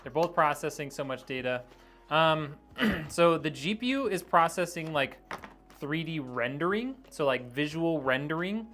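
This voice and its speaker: A man's voice: on the high side, animated, a little slow, fairly bright tone. A middle-aged man live-streaming a PC build, chatting casually, thinking aloud with plenty of ums and likes while he works.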